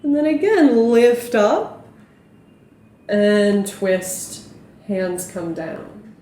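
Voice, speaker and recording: Calm woman guiding a yoga class. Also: medium pitch, extremely slow, roomy sound. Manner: calm, gentle cueing of breath and movement. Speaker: yoga instructor. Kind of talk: guided yoga class instruction.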